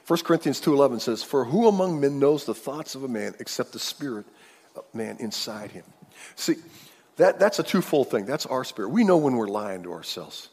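A man's voice: medium pitch, very animated, brisk, darkish tone, husky, in a large hall. A man preaching a sermon as pastor, talking in a loose, conversational way with frequent repeated words.

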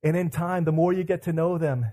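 Man preacher with a higher voice, casual sermon, animated storytelling with lots of fillers. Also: brisk. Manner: animated storytelling, acting out inner thoughts; conversational, with many fillers and repeats.

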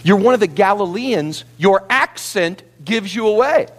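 Accusing bystander, high and pushy, very lively pitch a preacher voicing him. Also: male voice, measured pace. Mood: insistent. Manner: insistent, pointing out. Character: loud male bystander accusing a stranger.

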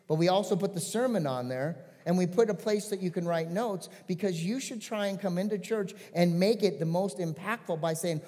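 A male pastor giving a casual, conversational sermon in a church, with lively asides. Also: sits high. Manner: conversational, animated storytelling with asides. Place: church sanctuary. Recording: long church hall reverb.

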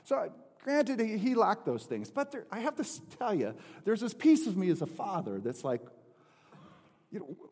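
A middle-aged man preaching and telling a family story, with many restarts and lively swings in pitch. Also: unhurried, breathy edge. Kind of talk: sermon. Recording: long hall reverb.

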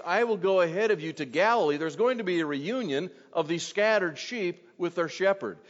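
Guy preaching a sermon, slightly high voice, muffled sound, long church echo. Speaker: pastor. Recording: dull, long hall reverb.

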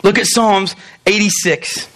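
Young guy preaching, pretty high voice, lively and jokey, talks right at the crowd. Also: measured pace. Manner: animated, joking asides, talks straight to the congregation. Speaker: pastor. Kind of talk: sermon.

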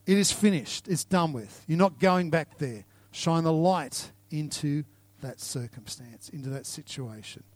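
A man's voice: fairly high pitch, a little slow, hardly any pauses, no echo. A male pastor preaching and praying in a church service, with an earnest, repetitive cadence that builds to fervent declarations. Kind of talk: sermon and closing prayer. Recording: loud guitar music behind. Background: guitar music.

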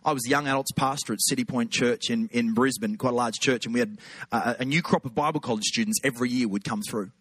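A man with an Australian accent, a pastor telling funny stories in an animated sermon. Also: medium pitch, fast talker, husky, dry recording. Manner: animated, jokey, lots of put-on voices. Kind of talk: humorous sermon storytelling.

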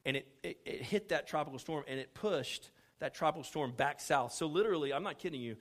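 A middle-aged man from Houston preaches through a personal story. His voice sits a little high, and he acts out each quoted line while poking fun at himself. It is a lively, humorous sermon delivery. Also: brisk. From Houston, Texas. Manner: animated storyteller acting out quoted dialogue, self-deprecating humor. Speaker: pastor.

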